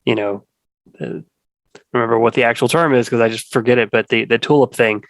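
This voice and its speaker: A man's voice: mid-range voice, steady tone, brisk. A man chatting as a podcast guest in an easygoing, rambling way, stopping and restarting his thoughts often. His voice sits in an ordinary middle range. The sound is close and dry, with no room echo. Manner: rambling, many restarts and fillers. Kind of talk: casual conversation.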